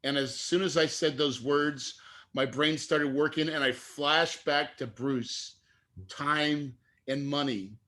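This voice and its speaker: Middle-aged guy, bright forceful voice, telling his story all earnest, gets choked up. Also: fairly high pitch, steady tone, takes it slowly. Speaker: guest investor. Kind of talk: emotional storytelling in an interview.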